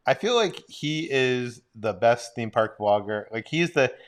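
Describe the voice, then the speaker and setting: A man's voice: mid-range voice, animated, a little slow. A man co-hosting a casual livestream, rambling in an easygoing way and reading out viewer questions. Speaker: co-host.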